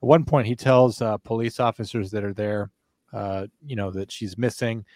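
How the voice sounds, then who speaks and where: A man's voice: on the low side, steady tone, moderate pace, a little mellow, dry recording. A man co-hosting a true crime podcast, musing at length in casual talk with frequent restarts. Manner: thoughtful, rambling with restarts. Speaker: podcast co-host.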